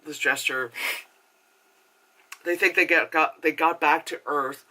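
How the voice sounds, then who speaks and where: Reviewing a film, a man speaks at a measured pace with a fairly high, steady, bright and forceful tone. Even so, his rant is casual and rambling, full of swearing and filler, and he performs characters' lines in exaggerated voices.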